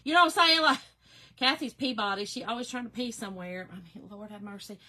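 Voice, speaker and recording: A woman chats with her viewers while she crafts, her voice slightly nasal and bright. She speaks in a fairly high register with a chatty, heartfelt manner. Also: quick pace. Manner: chatty, emotional, reads viewer comments aloud. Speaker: craft livestream host. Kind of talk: casual livestream chat.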